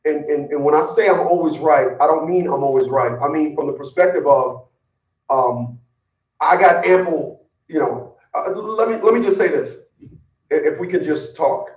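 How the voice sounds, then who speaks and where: In a high-ish voice, a man rants casually and profanely, giving blunt, boastful relationship advice and repeating words as he gets worked up. The recording is dull, with an echoey room and a distant mic.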